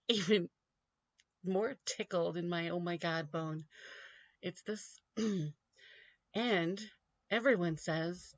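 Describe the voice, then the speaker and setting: A woman's voice: mid-range voice, slow pace, long pauses, a bit bright, dry recording, muffled recording. A woman hosting a comedic solo commentary show. She rambles, mocks her subject and laughs often.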